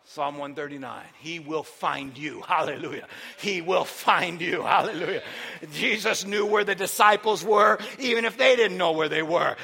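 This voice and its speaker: A man preaching a sermon, moving between quiet teaching and loud, shouted preaching. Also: fairly high pitch, animated, moderate pace, gravelly, slightly rough.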